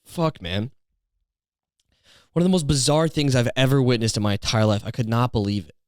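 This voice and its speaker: A man's voice: medium pitch, expressive, quick pace, smooth, no echo. A man hosting a solo podcast, rambling through a story in a profane, incredulous way on a close mic. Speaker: podcast host.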